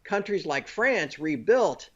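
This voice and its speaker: A man's voice: on the high side, very animated, slow pace, lo-fi sound. A man being interviewed, explaining finance step by step and often checking in with "you know" and "okay?". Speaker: guest. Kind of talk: conversational interview.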